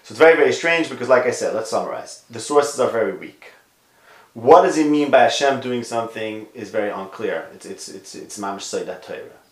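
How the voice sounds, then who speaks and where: A man giving a conversational Torah lecture on a podcast, stressing some words loudly and dropping to quiet asides, with Hebrew and Yiddish terms mixed in. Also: medium pitch, animated, brisk, roomy sound. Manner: emphatic, swings between loud stresses and quiet asides.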